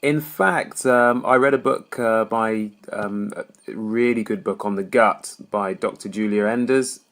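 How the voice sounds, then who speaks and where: A man hosting a podcast, asking questions and chiming in briefly in a casual interview. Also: on the low side. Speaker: podcast host.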